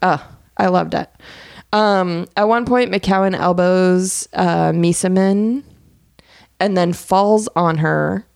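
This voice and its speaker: Woman, casual podcast co-host, gravelly vocal fry, dry close sound, chatty and laughing. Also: on the low side, takes it slowly, no room sound. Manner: chatty, laughs often, animated quoting. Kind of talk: casual chat recapping a basketball game.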